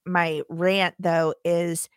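A woman's voice: fairly low pitch, little pitch movement, drawn-out words, clear, resonant tone, no echo, clean studio sound. A woman co-hosting a casual podcast chat, ranting with frequent giggles. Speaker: podcast co-host.

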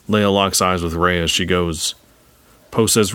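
A man with a deep voice narrates a script read-aloud. His delivery is brisk and even, with occasional dry humor. The sound is dry and close. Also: clear, resonant tone, no echo.

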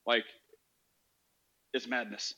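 A man's voice: medium pitch, little pitch movement, slow pace, bright, forceful tone. A man hosting a casual call-in podcast, talking animatedly and acting out quoted voices. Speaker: podcast host.

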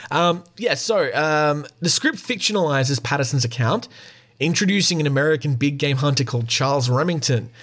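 A man's voice: on the high side, expressive, normal speed, a bit bright. A man giving a casual, rambling film review, frank and profane, with frequent fillers and chuckles.

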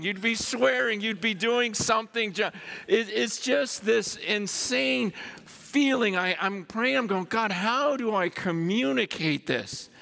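Excitable pastor with a bright, creaky voice. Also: male voice, very high voice. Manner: excited, effusive, repeats himself. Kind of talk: sermon.

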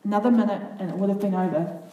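A woman reading a children's Bible story aloud to a group, with earnest, expressive comments between passages. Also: medium pitch, rapid-fire, highs cut off. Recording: echoey room, far from the mic, faint noise.

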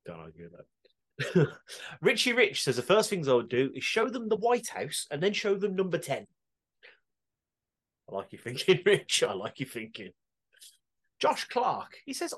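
A man's voice: medium pitch, fairly bright tone. Joking man reading listener answers. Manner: laughing, crude jokey banter. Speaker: podcast co-host.

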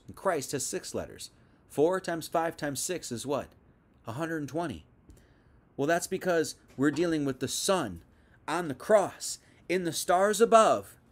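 A young man leads a loose, talky Bible lesson in a slightly higher-than-usual voice. He wanders into asides and restarts, teaching as if chatting with viewers on a livestream. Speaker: preacher. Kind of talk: casual teaching sermon.

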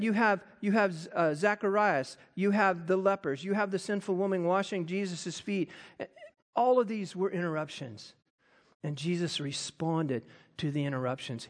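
A man preaching a sermon, animated and acting out quoted voices. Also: high-pitched. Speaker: pastor.

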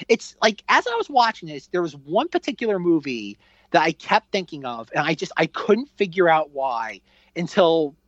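A podcast co-host talks films in loose, animated chat, full of fillers and acted-out reactions. The recording is dull and lo-fi. It sounds dry, with no room around the voice. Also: mid-range voice, dry recording. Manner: animated, rambling, filler-heavy, acts out own reactions. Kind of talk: casual film review chat.

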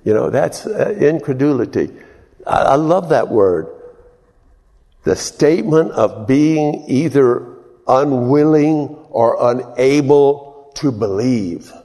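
A pastor preaching a sermon in a folksy, storytelling way, chuckling and breaking into loud exclamations. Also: male voice, medium pitch, expressive, takes it slowly. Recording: long hall reverb.

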